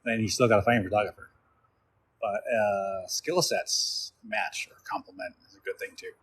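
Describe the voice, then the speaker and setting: A man's voice: fairly low pitch, fairly even intonation, moderate pace, a bit bright, breathy edge. A man reading out viewer questions and answering them in loose, rambling casual chat on a live stream.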